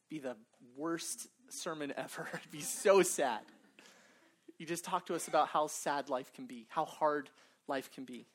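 Low-voiced woman preaching a sermon. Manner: earnest and emphatic, with humorous asides.

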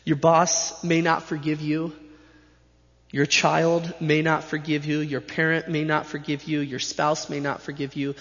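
A man's voice: on the high side, flat delivery, unhurried, a bit bright. Man preaching in an echoing hall. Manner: emphatic, repetitive preaching cadence. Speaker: pastor. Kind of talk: sermon. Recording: dull sound with long hall reverb.

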